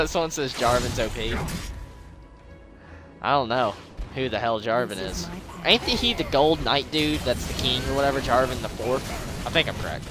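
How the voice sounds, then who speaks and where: A young man giving casual, excitable commentary over his own gameplay, rambling and swearing as the game turns. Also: mid-range voice, moderate pace, soft background music.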